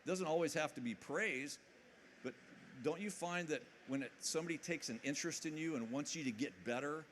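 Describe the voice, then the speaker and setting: A man's voice: fairly high pitch, fairly quick, fairly bright tone, a little hiss or hum. A man giving a motivational conference talk to a live audience in a hall. He talks energetically, jokes and keeps asking the crowd questions. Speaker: conference speaker.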